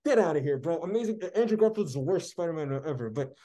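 Ranting high-voiced man with a dark tone. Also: expressive, fast. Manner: heated, sarcastic ranting. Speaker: podcast co-host. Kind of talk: casual podcast chat.

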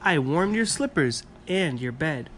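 A man voicing a kindly, protective male winter dragon in a storybook read-aloud, speaking gently with soft chuckles. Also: on the high side, sing-song, measured pace, slight background noise, pitched above the performer's own voice. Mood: gentle.

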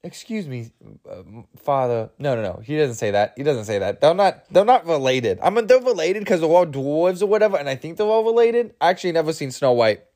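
A young man tells a long, rambling comic story and keeps filling the gaps with "like" and "you know." He sounds overtired, and his voice sits a little higher than most men's. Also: big pitch swings, fast, hardly any pauses, mellow. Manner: rambling, lots of fillers, giggly asides. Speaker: podcast host. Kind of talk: rambling comedy monologue.

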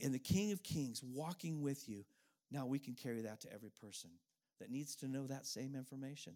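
A middle-aged man preaching a sermon as a pastor, earnest and emotional, telling a personal story with pauses and repeated phrases. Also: medium pitch, a little mellow.

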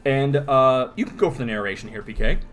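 A man's voice: mid-range voice, fairly quick, fairly bright tone, soft background music. A man co-hosting a casual podcast, reading out comic panels and reacting with laughs and the odd swear. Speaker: podcast co-host. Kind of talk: casual comic-book podcast chat with read-aloud dialogue.

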